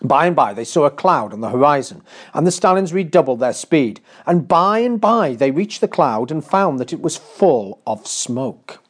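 Lively man reading a storybook. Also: fairly high pitch, normal speed, hardly any pauses. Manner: expressive, dramatic, pace shifting with the action. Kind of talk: storybook narration.

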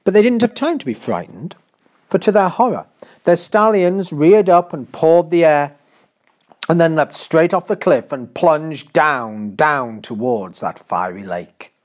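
A man reading a fairy tale aloud, expressive and dramatic. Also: on the high side, unhurried. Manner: expressive, dramatic, pace shifting with the action. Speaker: storyteller. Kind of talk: storybook narration.

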